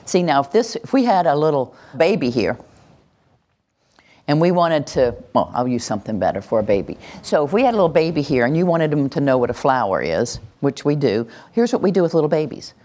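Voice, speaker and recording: A woman teaching about praising children, animated and playful, acting out parents' baby talk and scolding in her examples. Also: low voice, brisk. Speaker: parenting educator. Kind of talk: lively talk to an audience.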